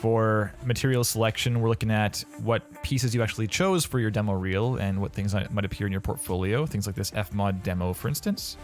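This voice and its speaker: Livestream host, male, lowish voice, easygoing and rambling, faint music bed. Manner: chatty and rambling, playful, with many fillers and restarts. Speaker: livestream host reviewing game audio demo reels. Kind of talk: casual livestream chat.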